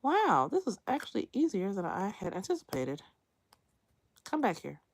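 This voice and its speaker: A woman's voice: medium pitch, wildly swooping pitch, normal speed, a little hiss or hum. A woman chatting casually on a livestream from her room, laughing often and telling stories animatedly. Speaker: livestream host. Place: bedroom near closet, indoors.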